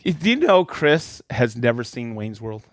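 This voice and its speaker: A man's voice: mid-range voice, sing-song, measured pace, dry recording, studio quality. A man hosting a live stream, upbeat and jokey, reading out viewers' names and hometowns. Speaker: host of a live product show. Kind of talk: livestream shout-outs to viewers.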